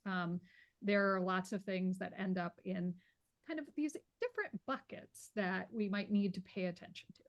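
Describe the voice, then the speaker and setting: A woman speaking as a guest on a webinar panel, measured and explanatory. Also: medium pitch, muffled recording.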